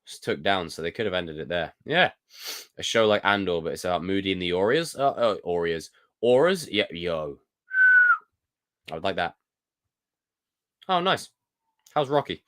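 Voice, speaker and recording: A young British man hosting a casual live stream, reading viewer comments and reacting in a jokey, animated way. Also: low-pitched, moderate pace, long pauses. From United Kingdom. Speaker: livestream host.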